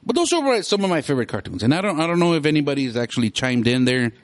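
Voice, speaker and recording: A middle-aged man chats on his own show in a loose, rambling way, his pitch bouncing high and low and often breaking into laughter. His voice sits a little high for a man, and the talk is loose and unscripted. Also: sing-song, fast talker. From South Texas. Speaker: podcast host. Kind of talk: casual chat.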